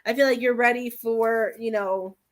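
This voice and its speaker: A woman with a slightly high voice, fairly even intonation and a moderate pace does a live-stream tarot reading as a medium. She rambles and hesitates, saying "I feel like" constantly, and at times becomes emotional and tearful.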